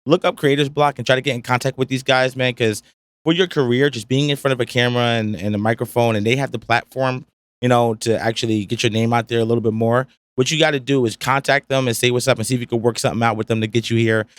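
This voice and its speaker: A man's voice: medium pitch, fairly even intonation, quick pace, no echo. A young man, a podcast guest chatting casually in a laid-back, slangy, rambling way. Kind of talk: casual chat. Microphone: studio podcast mic.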